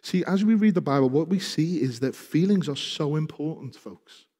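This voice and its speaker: A man's voice: a little high, lively intonation, moderate pace. Impassioned man preaching in a reverberant hall. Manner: impassioned preaching, rising loud when reading scripture. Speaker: pastor. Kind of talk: sermon.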